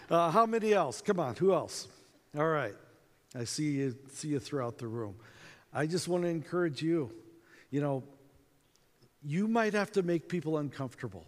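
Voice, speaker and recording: A man giving a storytelling talk to a conference audience, acting out dialogue in an animated way, with reverb from a hall. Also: fairly high pitch, moderate pace. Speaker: conference speaker.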